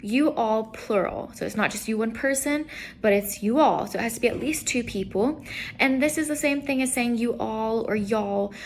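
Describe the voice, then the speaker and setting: A young woman teaching an Italian lesson, explaining patiently and repeating each example word clearly. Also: a little high, normal speed, slight background noise. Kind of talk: online language lesson.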